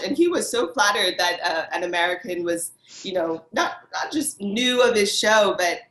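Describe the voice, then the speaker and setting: A woman's voice: mid-range voice, lively intonation, normal speed, fairly bright tone. A woman costume designer chatting as an interview guest, bubbly and enthusiastic, laughing often. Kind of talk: casual interview chat. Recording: echoey room.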